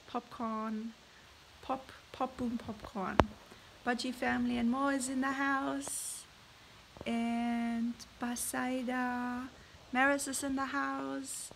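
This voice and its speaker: Bubbly German-accented woman with a bright, gravelly voice. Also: a little high, a little hiss or hum, poor audio. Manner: bubbly, laughs often, reads viewer names aloud. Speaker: parrot vlogger hosting a live stream. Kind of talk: casual live-stream chat reading comments.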